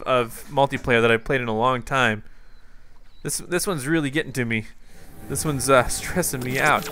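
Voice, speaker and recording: A young man doing excited gameplay commentary, panicking and yelling in bursts, then settling into calm, chatty talk. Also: mid-range voice, a little fast, soft background music. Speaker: gaming YouTuber.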